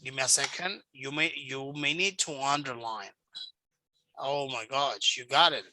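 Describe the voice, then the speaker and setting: A man's voice: mid-range voice, unhurried, background noise. A man teaching English in a one-on-one video call lesson, patient and repetitive, sounding out words to show their stress. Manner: patient, repeats himself, models word stress.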